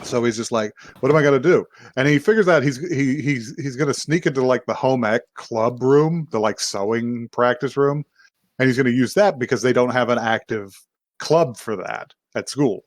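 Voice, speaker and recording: A man talks in a loose, rambling way, stumbling over restarts and breaking into laughs. His pitch sits mid-range for a man. The sound is dry and close, with no room around it. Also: normal speed, no room sound. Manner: rambling, laughs often, many fillers and restarts. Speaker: podcast co-host. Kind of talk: casual chat recapping an anime.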